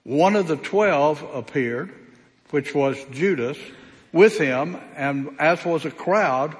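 A man preaching a sermon as pastor, speaking with slow, emphatic delivery and long pauses. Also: a little high, animated, long reverb tail.

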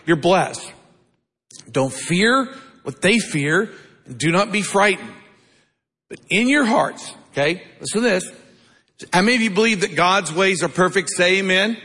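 A pastor with a high, sharp, slightly rough voice preaches a sermon in a large hall. He keeps it conversational, asking the congregation to answer back.

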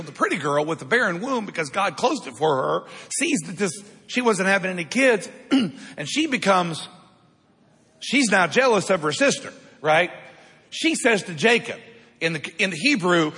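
A man's voice: a little high, bright, forceful tone, husky. A man preaching a sermon in a church, calling out to the congregation for responses. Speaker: pastor. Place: church sanctuary. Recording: long hall reverb.

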